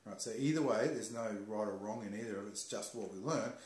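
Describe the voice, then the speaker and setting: A man calmly explaining ideas in a measured, teacher-like way during a casual talk. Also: fairly low pitch. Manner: calm, slow, explaining like a teacher. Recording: roomy echo.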